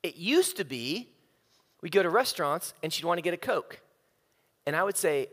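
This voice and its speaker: A man preaches in a humorous, self-mocking way, acting out little scenes as he tells stories. His fairly high voice swings widely in pitch. A long reverb from a big hall trails behind it. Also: animated, normal speed, pauses often, fairly bright tone, breathy edge. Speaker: speaker. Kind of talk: humorous sermon storytelling.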